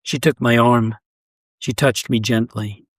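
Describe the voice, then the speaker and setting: A man reading a first-person short story aloud in a measured, even storytelling voice. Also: medium pitch, no echo. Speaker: story reader. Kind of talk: scripted narration of a short story.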